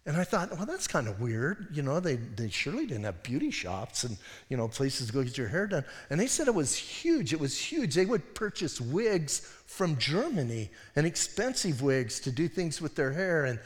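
A man with a fairly high voice preaches a sermon, talking to the congregation like a friend, restarting sentences and tossing in dry asides. His voice rings with a long reverb that trails off through a church hall. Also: big pitch swings, normal speed, few pauses. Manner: conversational, self-interrupting preaching with wry asides. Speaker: pastor. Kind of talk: expository sermon.

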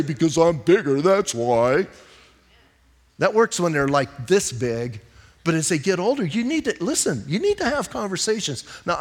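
A middle-aged male pastor preaching a conversational sermon, mixing jokes and stories with teaching. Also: on the high side. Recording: long hall reverb.

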